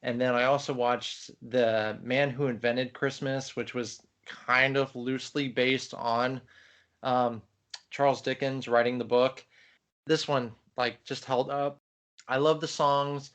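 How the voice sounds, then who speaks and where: A man's voice: mid-range voice, level tone, slow, fairly bright tone. A man co-hosting a podcast, chatting in an enthusiastic, rambling way about films. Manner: enthusiastic, chatty, many fillers. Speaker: podcast co-host. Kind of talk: casual film chat.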